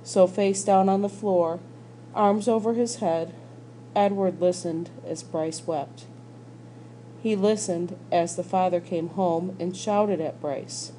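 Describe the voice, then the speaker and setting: A woman reading a children's novel aloud, slow and gentle. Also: on the low side, steady tone, slight background noise, poor audio. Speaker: school staff reader.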